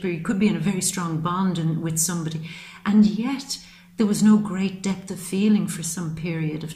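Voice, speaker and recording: A woman's voice: medium pitch, mellow. A woman giving an earnest, flowing monthly tarot reading to camera, repeating phrases for emphasis. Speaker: tarot reader. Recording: roomy echo.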